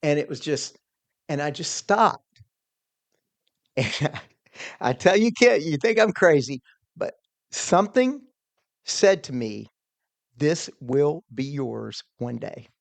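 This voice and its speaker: A man telling an earnest, animated personal story as a podcast guest, quoting his own thoughts along the way. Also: on the high side, slow pace, long pauses, no echo. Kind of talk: storytelling in a conversation.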